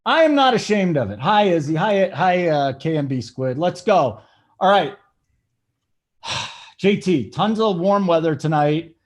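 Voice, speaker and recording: A man hosting a casual sports betting show, hyped and joking as he gives shout-outs. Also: on the high side, measured pace, pauses often. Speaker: show host.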